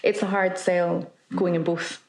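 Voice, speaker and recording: Thoughtful woman with a lowish voice. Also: little pitch movement, unhurried, creaky, a little mellow. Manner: thoughtful, balanced. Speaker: newspaper journalist. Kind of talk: casual round-table chat. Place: kitchen table.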